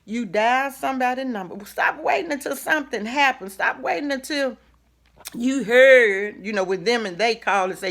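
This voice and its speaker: A woman's voice: a little high, expressive, moderate pace, a bit bright. Folksy woman giving a pep talk. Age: middle-aged. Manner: folksy, preacherly, with asides and rhetorical questions. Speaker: host. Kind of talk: casual motivational talk to camera.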